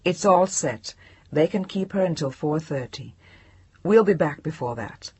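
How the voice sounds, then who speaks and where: A woman's voice: sits low, expressive, measured pace, a little mellow, slightly rough, muffled recording, full character voice. A woman narrator voicing an awkward, helpful man who stumbles over his words.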